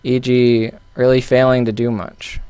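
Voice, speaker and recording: A man walks through a recorded match, talking loosely and often restarting his sentences. His voice is smooth and clear at a middle pitch. He sits close to the mic in a dry, dead room. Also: little pitch movement, a little slow, darkish tone, no echo. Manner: loose and thinking aloud, with many fillers and restarts. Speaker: game analyst. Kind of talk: casual game analysis commentary.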